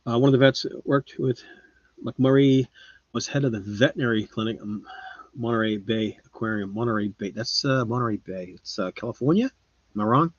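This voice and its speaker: A man hosting a live stream, chatting casually with viewers and rambling, his voice often trailing off quietly. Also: medium pitch, a little fast, dry recording. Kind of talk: casual chat. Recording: slightly muffled lo-fi sound.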